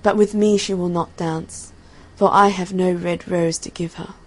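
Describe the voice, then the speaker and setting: A woman's voice: lowish voice, steady tone, measured pace, darkish tone. A woman reading aloud and voicing a sorrowful, lovesick young male student in a plaintive, dreamy tone. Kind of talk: storybook reading.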